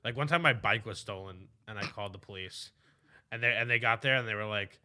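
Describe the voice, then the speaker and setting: A man's voice: on the low side, pushed and bright. A young man co-hosting a casual podcast, trading jokey anecdotes with friends. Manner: joking anecdotes, quick asides. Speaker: podcast co-host. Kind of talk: casual chat.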